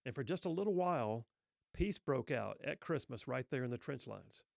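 A middle-aged man telling a story earnestly, with rhetorical questions and pauses. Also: medium pitch, animated, gravelly, darkish tone, dry recording, clean studio sound. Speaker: speaker telling a Christmas story. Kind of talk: reflective spoken storytelling.

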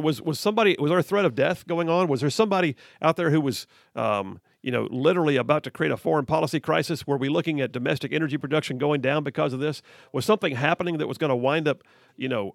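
A male talk radio host with a gravelly, slightly raised voice, pressing his point with rhetorical questions and stumbling restarts. His studio mic sounds close and dry. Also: on the high side, no echo. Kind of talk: opinionated talk radio monologue. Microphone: studio microphone.

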